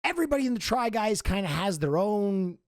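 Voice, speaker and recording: Male streamer, commentary rant, profane, emphatic, very animated pitch, dry sound. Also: brisk, dry recording.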